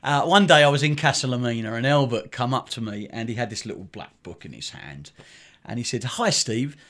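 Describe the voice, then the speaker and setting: A man's voice: mid-range voice, fairly quick, a bit bright. A middle-aged man, a charity director, telling a story in an interview in a rambling way with many fillers and restarts. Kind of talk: conversational storytelling.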